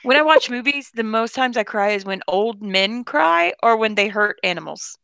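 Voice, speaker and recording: A woman's voice: on the high side, lively intonation, moderate pace, gravelly, a bit bright, smooth, dry recording. A woman in casual chat, blunt and joking as she rambles on.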